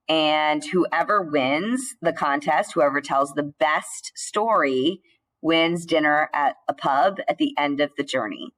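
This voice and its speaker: A woman teacher giving a recorded slide lecture, explaining in a measured way with the odd filler and restart. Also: low voice, rough recording.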